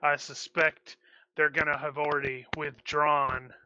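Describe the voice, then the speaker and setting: A male tabletop player with a higher, very bright and sharp voice, joking and questioning with a sense of disbelief. His voice comes through a dull, dry lo-fi mic. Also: flat delivery, unhurried, slight background noise. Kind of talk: casual tabletop play.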